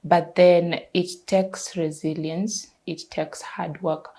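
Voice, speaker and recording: A woman's voice: fairly low pitch, flat delivery, takes it slowly, dark tone. A young woman, a pageant queen telling her story candidly and expressively as a podcast guest. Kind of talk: interview.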